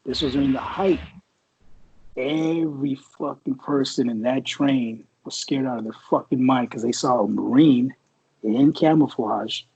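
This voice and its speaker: A man's voice: mid-range voice, unhurried, creaky, darkish tone, breathy edge, highs cut off. A man in his forties from the Bay Area, a Marine veteran and podcast co-host, telling stories in a rambling, profane way, full of fillers. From San Francisco Bay Area. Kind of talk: casual storytelling chat.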